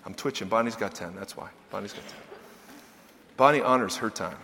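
A man preaching a sermon as pastor, animated, dropping low and quiet then rising loud and emphatic. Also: a little fast. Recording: reverberant hall.

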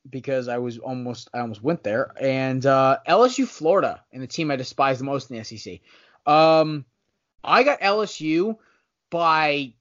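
A man in a casual sports podcast talks in a rambling, self-correcting way and teases his co-hosts. His voice sits at an ordinary pitch. The sound is dull and lo-fi. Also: fairly bright tone. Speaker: podcast co-host.

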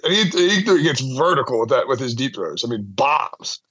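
A man's voice: mid-range voice, sing-song, normal speed, a bit bright, slightly rough, dry recording, highs cut off. A man appearing as a guest sportswriter in casual podcast chat, rambling and self-deprecating, with frequent laughs.

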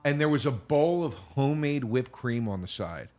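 Guest on a comedy podcast: a man of middle pitch, telling stories with voiced quotes and swearing. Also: lively intonation, normal speed, a little mellow. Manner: storytelling, acting out dialogue, swears. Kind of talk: casual podcast chat.

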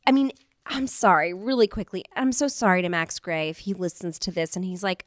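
A woman's voice: medium pitch, expressive, normal speed, dry recording, studio quality. A woman in her thirties co-hosting a chat podcast, rambling and giggly as she tells stories and reads old diary entries aloud. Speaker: podcast co-host.

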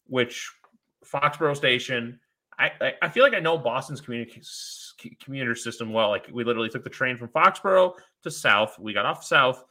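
A man hosting a casual sports podcast, talking excitedly and rambling with many fillers. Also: mid-range voice, fairly quick. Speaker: podcast host. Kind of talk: casual chat.

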